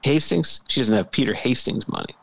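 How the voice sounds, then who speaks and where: A man's voice: mid-range voice, expressive, fairly quick, creaky, fairly bright tone, no echo. A man co-hosting a podcast in casual chat, rambling and joking, often repeating himself. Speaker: podcast co-host.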